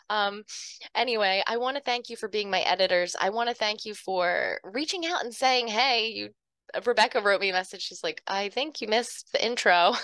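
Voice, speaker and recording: A woman's voice: mid-range voice, fairly bright tone, no echo. Earnest woman podcast host, dry sound. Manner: earnest, emotional, laughs often. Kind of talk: heartfelt talk to listeners.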